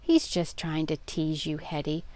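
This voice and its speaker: An older woman voicing a calm, practical tomboy girl in a storybook read-aloud. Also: deep voice, unhurried, no room sound. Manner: calm, sensible.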